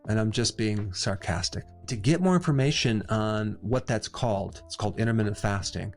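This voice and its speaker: A middle-aged man hosting a health explainer, speaking to the camera in a conversational, emphatic way with quick "right?" asides and touches of sarcasm. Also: fairly low pitch, faint music behind. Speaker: health educator host. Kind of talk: direct-to-camera explainer monologue.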